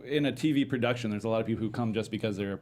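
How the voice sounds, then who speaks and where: A man hosting an interview, asking curious, relaxed follow-up questions. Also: on the low side, racing, a little hiss or hum. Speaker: podcast host. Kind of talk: casual interview chat.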